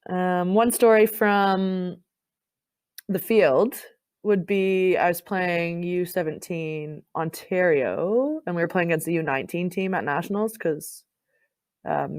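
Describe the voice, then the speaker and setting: A young woman from Canada, a rugby player, telling stories in a casual chat, laughing often and filling pauses with "um" and "like.". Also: fairly low pitch, no room sound, low-quality recording. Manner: laughs often, lots of fillers.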